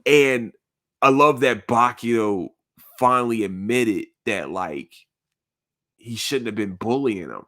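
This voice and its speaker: A man's voice: mid-range voice, expressive, slow pace, bright, forceful tone. A man hosting a podcast in casual chat, earnest and rambling, full of slang and swearing. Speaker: podcast host.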